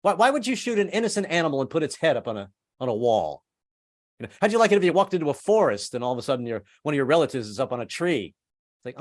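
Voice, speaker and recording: A man's voice: fairly high pitch, very animated, rapid-fire, no room sound, studio quality. A man in his seventies, performing a rambling, self-deprecating stand-up set over a video call from home. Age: 70s. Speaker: stand-up comedian.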